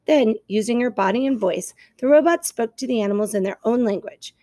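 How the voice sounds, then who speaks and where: A woman teacher reading a children's novel aloud to her class, expressive and clear, stopping to explain. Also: on the high side, brisk, no echo, clean studio sound.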